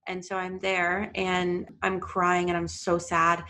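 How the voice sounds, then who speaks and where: A woman's voice: lowish voice, monotone, takes it slowly, sharp tone. A woman being interviewed as a podcast guest, reflective and earnest as she speaks candidly about a personal experience.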